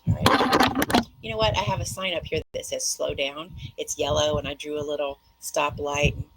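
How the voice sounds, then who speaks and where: A middle-aged woman hosting a casual monologue for her viewers, chatty and rambling, jumping between tangents and talking fast. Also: deep voice, fairly even intonation, very noisy. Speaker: host.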